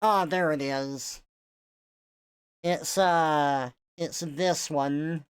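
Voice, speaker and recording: A woman with a Southern US accent chats casually with her stream audience, taking her time over each thought. Her words come out a little mumbled and soft. Her voice sits on the low side and has a smooth, clean tone. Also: steady tone, very slow. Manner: slightly mumbled, soft pronunciation. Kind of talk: casual live-stream chat.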